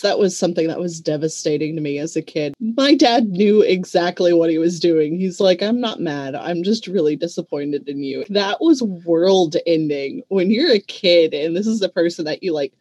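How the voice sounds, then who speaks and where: A woman co-hosting a casual book discussion, reflective and given to long, drawn-out explanations. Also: fairly low pitch, a little mellow, dry recording. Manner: reflective, talks at length, drawn-out phrasing. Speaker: book club co-host.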